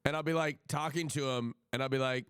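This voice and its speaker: A man's voice: mid-range voice, quick pace, clear, resonant tone, dry recording, studio quality. A man livestreaming in casual chat, swearing a lot and swinging into mock outrage, at his home stream setup. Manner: profane, excitable, mock-outraged.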